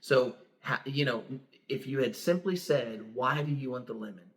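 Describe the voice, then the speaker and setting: A man's voice: medium pitch, moderate pace. A middle-aged man, a pastor co-hosting a podcast, telling stories in a plain, straightforward way and laughing easily. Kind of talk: casual chat.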